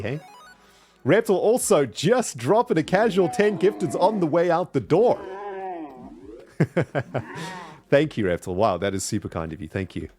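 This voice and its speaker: A man's voice: lowish voice, a little mellow. A man chatting casually while streaming a video game, upbeat and thanking his viewers as he plays. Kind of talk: casual live-stream commentary.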